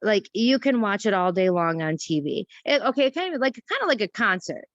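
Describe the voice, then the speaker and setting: A woman hosting a morning team video call, talking in a chatty, self-mocking and animated way. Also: medium pitch, a little fast, no room sound. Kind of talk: casual motivational chat. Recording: dull, dry video-call audio.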